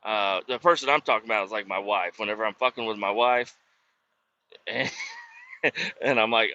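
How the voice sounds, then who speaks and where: Foul-mouthed rambling man, bright voice. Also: fairly low pitch, normal speed, pauses often, lo-fi sound. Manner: rambling, heavy swearing, self-doubting asides. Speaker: podcast host; industrial cleaning worker. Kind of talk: casual profane storytelling.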